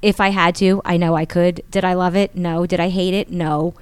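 A woman in her forties tells a story in an animated, casual way and acts out other people's lines. Her voice sits on the low side. The sound is close and dry. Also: moderate pace, smooth, no echo. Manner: animated, acts out quotes with rising pitch. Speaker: guest.

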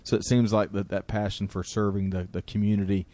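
A man's voice: on the low side, little pitch movement, fairly quick, mellow, a little hiss or hum. A man hosting a casual interview who is enthusiastic and encouraging toward his guest. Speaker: podcast host.

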